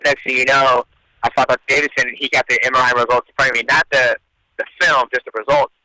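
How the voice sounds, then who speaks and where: A man answering interview questions in relaxed storytelling, casually swearing. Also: mid-range voice, quick pace, no room sound, low-quality recording. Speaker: guest athlete, UFC champion.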